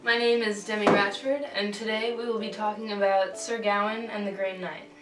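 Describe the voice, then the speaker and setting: A woman's voice: mid-range voice, fairly even intonation, moderate pace, far from the mic, heavy background noise. A young woman retelling an old tale in slangy, rambling casual chat, full of fillers and restarts. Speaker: drunk storyteller. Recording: roomy, from off-mic, faint music.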